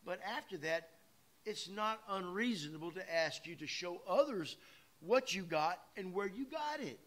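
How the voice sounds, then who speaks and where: Folksy preacher, bright voice. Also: male voice, high voice, lively intonation, a little slow. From Louisiana. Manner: folksy and preachy, swinging from loud emphatic lines to quiet asides. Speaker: pastor. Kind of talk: sermon. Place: church sanctuary.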